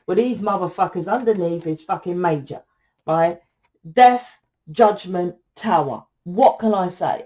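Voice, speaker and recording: A woman's voice: lowish voice, dark tone. A woman giving a casual tarot reading to camera, blunt and tired, swearing freely and acting out what people say. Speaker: tarot reader.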